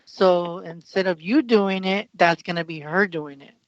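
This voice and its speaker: A man's voice: high-pitched, unhurried, no echo. A man working as a psychic medium on a live call-in show, rambling and emotional, with many fillers and restarts. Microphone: internet voice call. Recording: muffled internet call audio.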